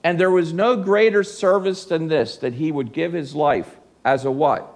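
A man delivers a sermon in an earnest tone and keeps putting rhetorical questions to his listeners. His voice sits a little high and has a gravelly edge. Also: normal speed. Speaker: preacher.

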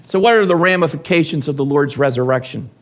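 Man, pastor, sermon, emphatic call-and-response, fairly high voice. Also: fast. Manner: emphatic, rises and falls with call-and-response questions.

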